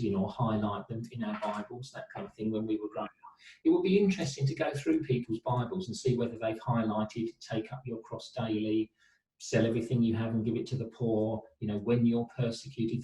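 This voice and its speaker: A man speaking as a therapist in an interview, mulling ideas aloud and posing rhetorical questions. His voice is mellow and dark, and it sits back from the mic in a roomy, echoing space. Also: mid-range voice, distant mic. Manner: thoughtful, talks in long reflective runs with rhetorical questions. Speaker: therapist and trauma specialist, interview guest. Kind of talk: reflective interview answer.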